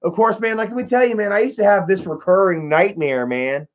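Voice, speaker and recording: A man's voice: sits high, a little fast. A young man hosting a casual livestream, telling rambling stories full of swearing and answering chat. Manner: swearing, laid-back storytelling. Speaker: livestream host. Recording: dull lo-fi stream audio.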